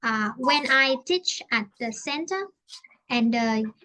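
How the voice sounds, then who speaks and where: High, bright Vietnamese-accented woman teacher. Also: expressive, slow pace. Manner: hesitant, searching for words, many fillers. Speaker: English teacher. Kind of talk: online English lesson conversation.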